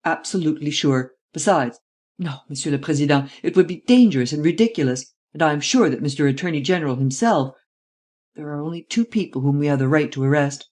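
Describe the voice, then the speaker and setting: Reader doing a calm sharp detective chief, formal, precise, unhurried, middle pitch. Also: close to an everyday voice. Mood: measured.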